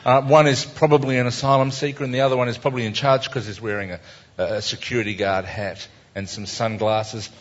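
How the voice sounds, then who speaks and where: A man's voice: mid-range voice, little pitch movement, brisk. A man with an Australian accent, a cartoonist talking an audience through his cartoons in a wry, chatty, self-mocking way. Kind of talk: casual live talk to an audience. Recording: dull lo-fi recording.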